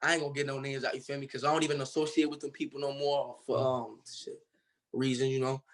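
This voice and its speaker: A young man from Cincinnati, Ohio, appears as a guest artist in a casual interview, telling his story in a loose, slangy way packed with fillers. His voice is medium in pitch and level in tone, moving at a quick pace.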